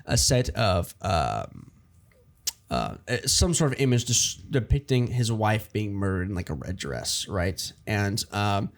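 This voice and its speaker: A man's voice: lowish voice, very animated, a little slow, creaky. A man casually brainstorming a story idea with friends, rambling with many fillers and restarts and acting out the characters' lines. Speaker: writer pitching a story idea.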